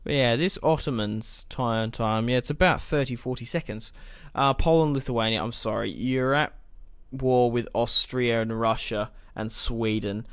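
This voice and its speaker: Smooth-voiced man rambling through gameplay. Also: medium pitch, a little slow, hardly any pauses, no room sound. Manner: rambling, thinks aloud, swears casually. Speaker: gaming let's-play host. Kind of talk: casual gameplay commentary.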